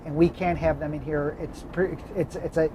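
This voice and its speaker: A man's voice: a little high, steady tone, moderate pace, dark tone, a little hiss or hum, lightly acted, low-quality recording. A man voicing a firm, polite female postmaster who asks someone to leave.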